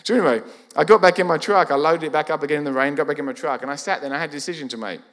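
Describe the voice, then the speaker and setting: A man, preaching a sermon as a lively storyteller who acts out quoted dialogue. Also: on the high side, rapid-fire. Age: 40s. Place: church. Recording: church hall reverb.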